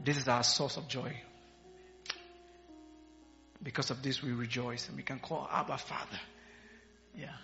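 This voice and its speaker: A man's voice: mid-range voice, flat delivery, measured pace, vocal fry, pauses often, sharp tone, highs cut off, soft background music. A man preaching a sermon in a church, playfully quizzing the congregation and laughing with them. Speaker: pastor. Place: church hall.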